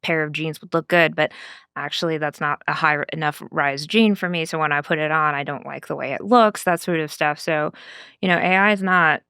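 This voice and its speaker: A woman co-hosting a podcast, chatting in a relaxed way with some "uh" fillers. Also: low voice, a little fast, clear, resonant tone, no echo, clean studio sound. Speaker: podcast co-host. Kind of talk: casual podcast chat.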